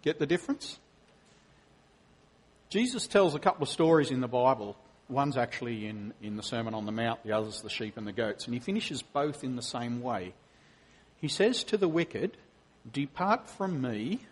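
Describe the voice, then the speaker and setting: A middle-aged man, a preacher and professor, giving a conversational sermon with animated storytelling. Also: mid-range voice, normal speed, breathy edge. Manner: animated storytelling, acting out quotes.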